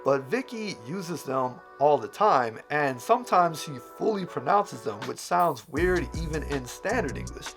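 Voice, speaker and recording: A man's voice: fairly high pitch, animated, a little slow, hardly any pauses, a bit bright, faint music behind. A man hosting a video, explaining and analyzing how people speak in a lecturing, example-driven way. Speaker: host explaining dialect features.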